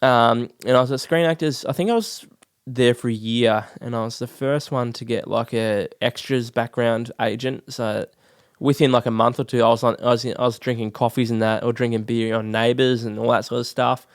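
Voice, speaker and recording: On a podcast, an Australian man in his thirties casually tells his life story, relaxed and swearing freely, with plenty of "like." His medium-pitched voice is smooth and fairly quick, captured in a dry, clean studio recording.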